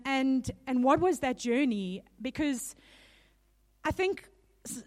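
A woman preacher giving a sermon in a conversational way, with small laughs between points, a little nervous. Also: high voice. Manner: warm laughing asides, conversational.

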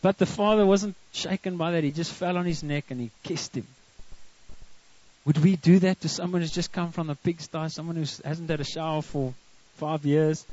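A man's voice: on the high side, a little mellow, no echo. A South African man preaching a sermon as pastor, counting off his points and dropping into homely family stories. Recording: dull lo-fi recording.

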